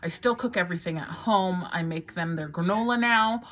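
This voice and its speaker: Woman, 30s, casual vlog chat, somewhat low voice, rambling, lots of fillers. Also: moderate pace, fairly bright tone. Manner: chatty and rambling, many fillers and restarts, laughs often. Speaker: vlogger, mother.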